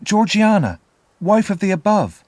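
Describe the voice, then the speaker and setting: A man's voice: high voice, sing-song, unhurried, a little mellow, no room sound, pitched above the performer's own voice. A man voicing a frightened young boy in an audiobook, pleading politely in a raised, trembling voice. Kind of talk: audiobook character voice.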